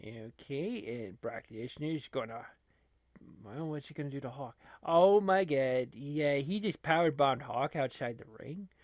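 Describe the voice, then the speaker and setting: Recorded with no room sound, a man with an expressive mid-range voice unhurriedly comments on a wrestling video game for his channel. His talk is casual and meandering, heavy with fillers and restarts, and punctuated by laughter.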